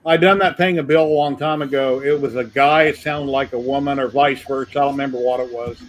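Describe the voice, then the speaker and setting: A man co-hosting a podcast in relaxed, joking casual chat. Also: mid-range voice, a little fast.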